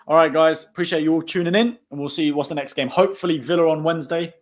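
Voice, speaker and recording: A young man hosting a casual post-match football chat on a live stream, talking fast and laughing often. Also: on the high side. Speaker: host.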